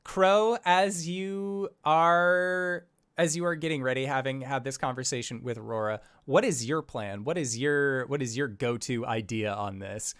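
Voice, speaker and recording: Male game master, unhurried narration, mid pitch, casual fillers. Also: a bit bright, clear, resonant tone. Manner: slow, loose narration with many fillers.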